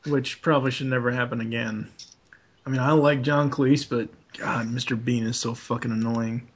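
A man's voice: medium pitch, steady tone, moderate pace, husky. A man co-hosting a casual podcast, talking bluntly and swearing freely. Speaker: podcast co-host.

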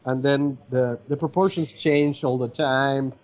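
A man's voice: mid-range voice, fairly even intonation, measured pace, darkish tone. A man whose first language is Spanish, hosting a podcast in casual chat, rambling and hesitant with many fillers. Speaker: podcast host. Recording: dull lo-fi podcast audio.

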